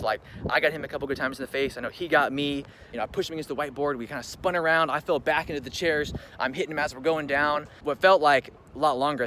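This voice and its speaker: A young man casually telling a personal story to camera, quickly and with animation, raising his voice for quoted lines. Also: slight background noise. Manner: fast, animated retelling, voices quoted lines louder and higher.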